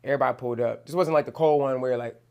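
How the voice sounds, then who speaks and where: A man's voice: medium pitch, racing, vocal fry, a little mellow, clear, resonant tone, lo-fi sound. A young man from New Jersey, a rapper talking casually in an interview, loose and slangy with plenty of swearing. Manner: loose, slangy, swears, many "you know what I'm saying". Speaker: rapper guest.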